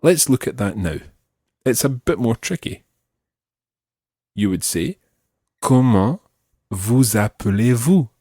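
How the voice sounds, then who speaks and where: A man teaching an audio lesson, speaking slowly and deliberately and repeating phrases for learners. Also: mid-range voice, very animated, a little mellow, husky, no echo, studio quality. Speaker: language teacher.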